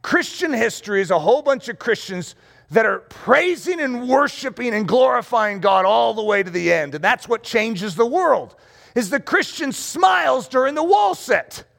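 A middle-aged male pastor preaching a playful sermon, acting out scenes and shouting for effect. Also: very high voice, sing-song, moderate pace, gravelly. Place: room with rows of chairs.

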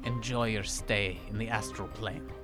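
A man voicing an aloof female abyssal being in a tabletop game, speaking coldly and slowly. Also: fairly low pitch, fairly even intonation, over music, natural voice. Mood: haughty. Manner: cold, haughty, slow.

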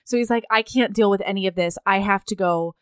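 Woman, chatty book recap, smooth clear voice, dry close sound, acts out lines. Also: mid-range voice, no echo. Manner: animated, acts out characters' lines in quick voices. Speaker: podcast co-host recapping a novel. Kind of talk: casual book-recap chat.

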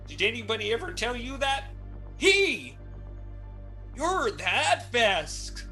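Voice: medium pitch, big pitch swings, slow pace, bright, forceful tone, faint music behind, heavily acted. A game master voicing a folksy, greedy male sergeant guard who fills his talk with verbal tags. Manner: folksy drawl with filler tags.

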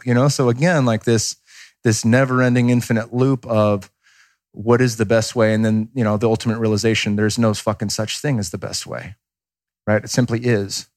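A man in his thirties talks in a casual podcast chat with a fairly low voice. He is candid and rambling, swears freely and acts out what people said. The sound is dry and close to the mic. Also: steady tone, moderate pace, a little mellow, dry recording. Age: 30s. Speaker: podcast guest.

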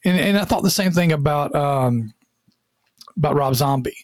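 A man's voice: fairly high pitch, lively intonation, moderate pace, no room sound, studio quality. A man hosting a podcast in casual chat, boisterous and teasing, swearing freely. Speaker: podcast host.

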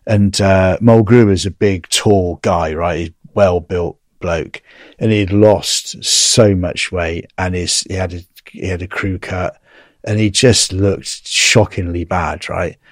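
Low-voiced English man telling a story. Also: slow pace, dry recording, clean studio sound. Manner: animated, acts out quoted dialogue. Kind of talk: casual storytelling.

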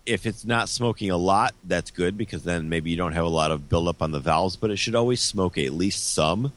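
Low-voiced man explaining car fixes. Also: fairly quick. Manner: relaxed, explains step by step. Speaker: car repair expert guest. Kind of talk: casual chat.

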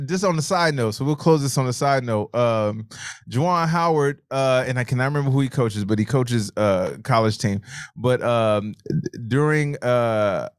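A man's voice: medium pitch, no room sound, clean studio sound. A man co-hosting a live show, telling stories animatedly, swearing freely and reading out viewer comments. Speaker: livestream co-host.

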